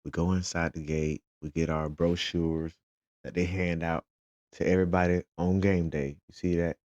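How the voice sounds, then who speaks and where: Father, very low voice, dry slightly muffled sound, lively storyteller. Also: moderate pace, no room sound. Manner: animated, retells conversations in quotes. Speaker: father and football fan. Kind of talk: casual storytelling vlog.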